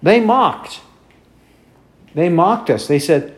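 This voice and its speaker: A man preaching an expository sermon, speaking deliberately and repeating key phrases for emphasis. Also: a little high, a little mellow. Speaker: pastor.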